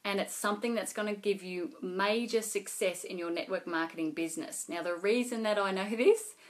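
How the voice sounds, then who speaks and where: A young adult woman speaks straight to her viewers in a relaxed, chatty way. Her voice sits at an ordinary middle pitch, and she often circles back with fillers and restarts while she explains sales tips. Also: a little fast. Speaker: network marketing vlogger. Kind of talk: casual advice vlog to camera.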